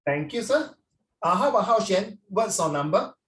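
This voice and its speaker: A man's voice: sits high, lively intonation, moderate pace. A middle-aged man, teaching an online class in a playful, teasing way. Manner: playful, teasing, peppers questions with "ah". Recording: roomy sound, distant mic.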